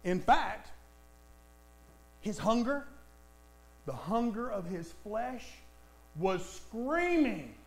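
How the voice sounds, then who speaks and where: A man's voice: high voice, sing-song, very slow, long pauses, low-quality recording. A man preaching a sermon, emphatic, repeating lines for stress and speaking straight to the congregation. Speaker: pastor.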